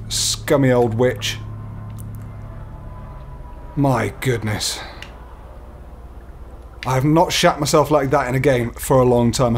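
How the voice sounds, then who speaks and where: A man's voice: medium pitch, slight background noise. A man giving horror game commentary, muttering to himself and swearing freely. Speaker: gaming YouTuber. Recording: game music playing under the voice.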